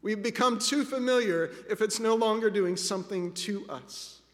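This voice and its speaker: A man's voice: high-pitched, moderate pace, fairly bright tone. A man preaching a sermon as pastor, earnest and reflective, speaking directly to his listeners as friends. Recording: long reverb of a large hall.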